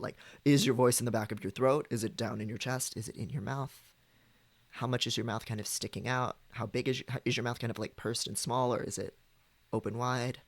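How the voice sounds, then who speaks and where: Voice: mid-range voice, no echo. A streamer chatting casually with viewers, rambling with frequent ums and likes.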